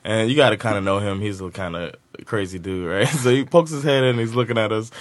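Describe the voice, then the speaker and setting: A man hosting a podcast, telling an animated story in casual chat and laughing at his own punchlines. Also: fairly low pitch, fairly quick, dry recording.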